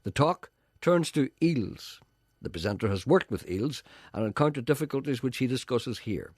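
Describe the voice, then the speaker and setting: A man with a Northern Irish accent presenting a comedy radio show, telling wry, rambling stories with a deadpan touch. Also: medium pitch, moderate pace, husky, no room sound, studio quality. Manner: wry, drifting into tangents, deadpan storytelling.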